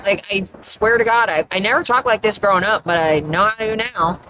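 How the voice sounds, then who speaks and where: A woman's voice: medium pitch, fairly quick, pushed and bright. A woman with an Atlantic Canadian accent, chatting casually as a streamer while gaming, rambling and often trailing off mid-thought.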